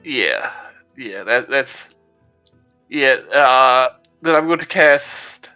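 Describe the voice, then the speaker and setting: A man's voice: medium pitch, expressive, drawn-out words, pushed and bright, clear, resonant tone, soft background music, low-quality recording. A man playing a tabletop game, chatting casually, rambling and laughing as he jokes with the group. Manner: rambling, joking, laughs often. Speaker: player.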